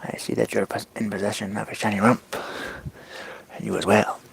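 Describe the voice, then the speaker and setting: A man's voice: lowish voice, little pitch movement, brisk, creaky, breathy edge. A man in his thirties chatting casually with viewers on a live stream. He rambles in a playful way and drifts into silly made-up songs. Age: 30s.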